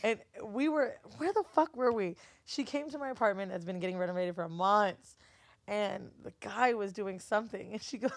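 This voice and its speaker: On a podcast, a guest from Florida tells stories in a casual, animated way, swearing heavily and laughing. Her voice sits at medium pitch with a moderate pace, and the recording is dry.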